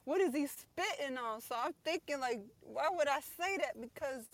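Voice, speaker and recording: A woman's voice: high-pitched, lively intonation, moderate pace. A woman on a podcast panel, answering in a hesitant, giggly way. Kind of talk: casual podcast chat.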